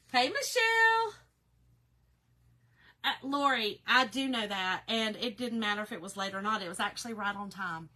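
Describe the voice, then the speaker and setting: A woman chats with her viewers while she crafts, her voice slightly nasal and bright. She speaks in a fairly high register with a chatty, heartfelt manner. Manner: chatty, emotional, reads viewer comments aloud. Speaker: craft livestream host. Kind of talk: casual livestream chat.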